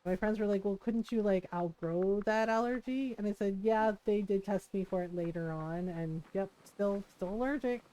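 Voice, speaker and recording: A woman's voice: medium pitch, moderate pace, few pauses, mellow, rough recording. A woman streaming a farming game, chatting casually and telling stories while she plays, acting out quotes and laughing often. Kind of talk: casual chat while gaming.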